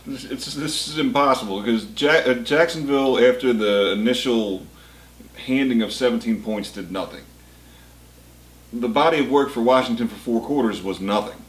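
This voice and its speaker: A man's voice: medium pitch, moderate pace. Blunt joking man in an echoey room. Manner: blunt, joking, stumbles and restarts. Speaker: co-host of a sports picks show. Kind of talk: casual sports betting chat.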